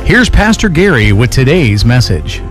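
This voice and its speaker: A man giving a scripted, measured introduction for a radio ministry program. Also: mid-range voice, very animated, over music.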